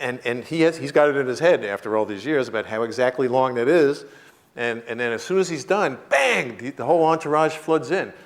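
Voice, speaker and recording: A man in his fifties giving a university lecture as a comic storyteller, acting out the voices in his anecdotes and laughing often. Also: a little high. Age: 50s. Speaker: guest lecturer.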